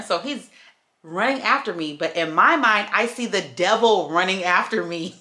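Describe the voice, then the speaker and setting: A woman's voice: mid-range voice, lively intonation, normal speed, bright, forceful tone. A woman, telling a story to viewers in a casual vlog. She acts out the voices of the people in it and calls her viewers y'all and baby. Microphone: camera while doing makeup.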